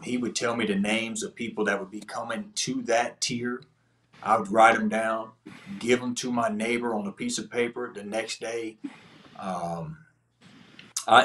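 A man's voice: fairly low pitch, a bit bright. A man, a podcast guest telling an earnest testimony story in casual, slangy speech. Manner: earnest, slangy prison storytelling with quoted dialogue.

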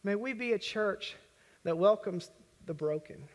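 A man's voice: sits high, unhurried. A male pastor giving a conversational, earnest sermon in a church worship center, acting out prayers as he goes. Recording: long reverb of a church hall.

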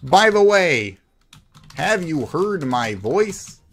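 A man's voice: on the high side, very animated, drawn-out words, a bit bright, soft background music. A man streaming a cartoon game, reading other players' chat aloud and answering it with mocking sarcasm. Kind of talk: live gameplay commentary.

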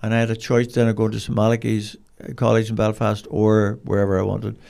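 A man's voice: fairly low pitch, completely flat delivery, brisk, creaky, darkish tone. An older man, a podcast guest telling rambling, colloquial stories in a casual interview. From Cork, Ireland.

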